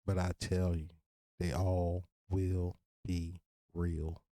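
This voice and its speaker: A man in his thirties from Virginia with a Virginia accent and casual slang, hosting a solo podcast and talking straight to his listeners in an earnest, relaxed way. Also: low-pitched, slow, no room sound, clean studio sound. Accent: Virginia, Southern US. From Virginia, USA. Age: 30s. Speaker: podcast host.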